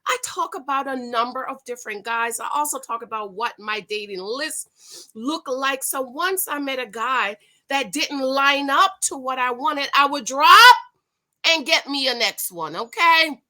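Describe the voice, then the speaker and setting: Animated bright-voiced woman with a New York accent. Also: high-pitched, a little slow. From Northeast United States. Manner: animated, lively, playful asides to viewers. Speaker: vlogger reviewing a dating show. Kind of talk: casual chat to camera.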